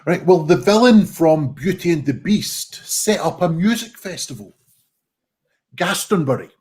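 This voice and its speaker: A man's voice: a little high, very animated, a little slow, darkish tone, breathy edge. A man competing in a pun contest, casual and a little sweary.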